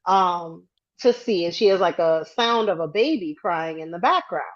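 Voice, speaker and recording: A woman co-hosting a casual podcast chat, telling a story with lively acted-out quotes and frequent hedging. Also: lowish voice, normal speed, dull audio. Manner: animated storyteller acting out quotes, hedges often. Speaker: podcast co-host.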